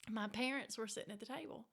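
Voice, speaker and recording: A middle-aged woman with a Mississippi Southern accent, an author telling family stories in a casual interview, animated and quick to act out voices. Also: a little high, vocal fry, slightly rough. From Mississippi Delta. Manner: animated, acts out quoted voices, laughs often. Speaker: author, guest.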